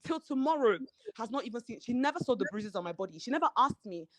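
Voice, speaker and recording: A woman, a reality show cast member telling her story in an animated way and acting out the quoted lines of the people in it. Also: on the high side, fast talker, a little hiss or hum. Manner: animated, acts out quoted dialogue. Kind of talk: candid podcast interview storytelling.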